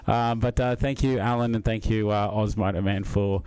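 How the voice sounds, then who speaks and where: A man's voice: lowish voice, fairly even intonation, normal speed, darkish tone, clean tone. Man, middle-aged, Australian accent, casual live-stream chat, rambling, lots of fillers, chuckles.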